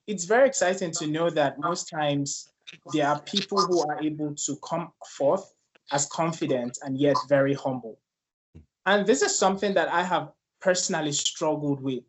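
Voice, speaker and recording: A man from Nigeria with a Nigerian accent, speaking earnestly and personally as a guest on a leadership panel discussion. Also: fairly high pitch.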